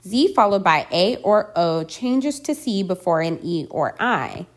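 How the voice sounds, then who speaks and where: A woman reading a scripted pronunciation lesson, deliberately enunciating each example word. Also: on the low side, very animated. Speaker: language teacher.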